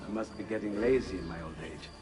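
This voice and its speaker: An actor playing an older Renaissance inventor, gentle, musing and absent-minded. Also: male voice, lowish voice, quick pace, music in the background, natural voice. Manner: gentle, musing, enthusiastic about his research.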